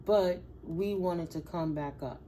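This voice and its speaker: A woman tarot reader who reads slow affirmations in a soft voice and then talks in loud, excited slang to her viewers. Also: on the low side, a little hiss or hum. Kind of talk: spiritual reading with affirmations.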